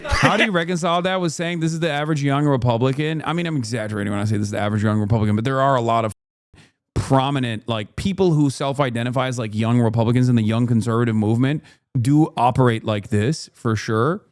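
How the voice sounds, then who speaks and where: A man's voice: mid-range voice, fast talker, no room sound, studio quality. A man streaming casual reaction commentary on a debate clip, blunt, slangy and incredulous.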